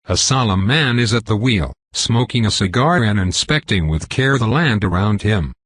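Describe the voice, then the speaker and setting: Low-voiced husky male narrator. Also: animated, a bit bright, dry recording. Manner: measured, first-person storytelling. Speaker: audiobook narrator. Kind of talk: reading a web novel aloud.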